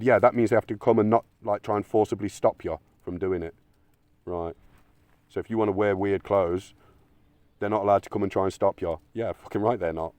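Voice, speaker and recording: His fairly low, a little mellow voice moves a little fast over a dry recording as this video essayist argues his opinions bluntly, cursing freely. He sometimes lampoons imagined critics in silly voices.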